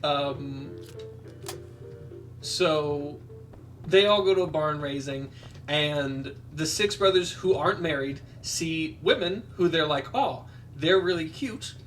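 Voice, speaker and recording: A man's voice: a little high, takes it slowly, fairly bright tone, far from the mic, faint music behind. A man casually retelling a movie plot while playing a game, rambling with lots of fillers and quoted lines. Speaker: podcast co-host.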